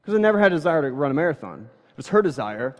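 A man in his thirties preaches in a church hall, his voice pitched high for a man. He talks in a loose, conversational way, full of quick asides. The long reverb of the hall hangs behind every phrase. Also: very animated. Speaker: pastor. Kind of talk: sermon.

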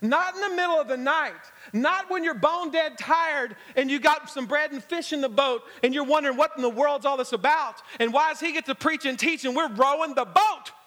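A man's voice: very high voice, fairly quick, hardly any pauses, bright, forceful tone, big-room sound. A man preaching a sermon as guest pastor, telling the story with humor and acting out the scenes. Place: church sanctuary. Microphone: handheld or stage microphone.

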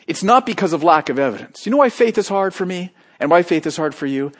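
A man preaching a sermon, moving between hushed, quiet passages and loud, emphatic calls to the congregation. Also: high-pitched, expressive, fast talker, hardly any pauses. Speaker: pastor.

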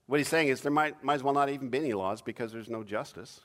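A man preaching a sermon in an animated way, acting out cries with sudden loud, high bursts. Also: fast talker. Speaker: pastor.

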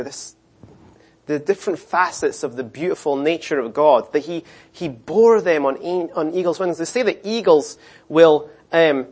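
A middle-aged man preaching a sermon, animated, acting out the voices of the people in his story. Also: on the high side, normal speed. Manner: animated, acts out voices of complainers and God. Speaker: pastor.

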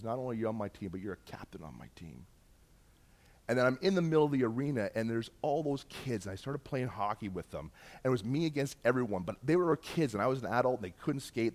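A middle-aged man from Canada, telling a personal testimony as a story and acting out the dialogue with jumps in pitch and loudness. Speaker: speaker sharing a personal testimony.

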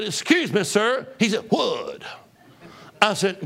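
Middle-aged evangelist, gravelly and fairly high, storytelling sermon with crowd call-outs. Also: male voice, unhurried. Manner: lively, call-and-response, swings from loud to hushed. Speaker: traveling preacher.

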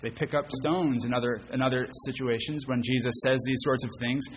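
A man's voice: medium pitch, fairly even intonation, brisk, slight background noise. Man preaching in a reverberant church. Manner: earnest, repeats words while rephrasing, asks rhetorical questions. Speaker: pastor. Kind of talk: sermon. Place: church sanctuary.

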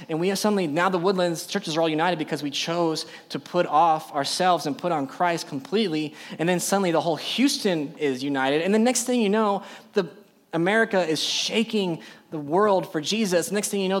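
Emphatic preaching Texan man. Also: fairly high pitch. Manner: emphatic preaching with rhetorical questions to the audience. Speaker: youth pastor. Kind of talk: sermon.

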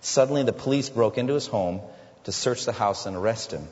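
A man's voice: fairly quick, a little mellow. A man preaching a sermon as a pastor, earnest, sometimes acting out the people in his stories. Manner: earnest preaching, voicing quoted figures with rising pitch. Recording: lo-fi sound with long hall reverb.

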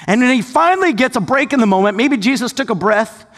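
A male pastor preaches in a high, lively voice that leaps up and down as he tells the story. He talks to the congregation casually, breaking into sudden shouts and joking asides. His voice rings with the long reverb of a church hall. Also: fast talker. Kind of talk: sermon.

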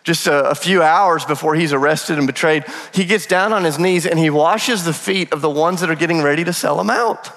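High-voiced preacher in a reverberant hall. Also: male voice, fairly quick, few pauses. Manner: lively storytelling with humorous asides. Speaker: pastor. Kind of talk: sermon. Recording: long reverb of a large hall.

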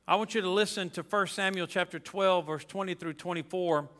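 A man's voice: high voice, steady tone, a little fast, a bit bright, long reverb tail. A pastor preaching a sermon to his congregation, emphatic and folksy, repeating his key phrases.

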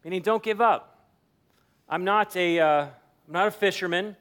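A man's voice: high-pitched, measured pace, a bit bright, smooth. A man pastor giving a sermon in a conversational way, acting out everyday dialogue as he makes his points. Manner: conversational preaching, acts out quoted dialogue.

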